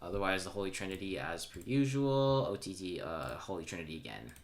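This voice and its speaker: A man's voice: deep voice, big pitch swings, a little fast. A man explaining how he made his own song in a casual tutorial, offhand and self-deprecating, pointing things out as he goes. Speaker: music producer explaining his track. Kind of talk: casual screen-recorded tutorial. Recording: music playing loudly under the voice. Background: his own track playing, keyboard typing.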